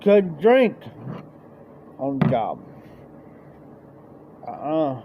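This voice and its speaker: A man speaking with a Midwestern American accent tells a rambling, folksy live-stream story and impersonates the people in it. His medium-pitched voice is sing-song and creaky, and he talks very slowly. The casual storytelling comes through dull, lo-fi stream audio with faint noise.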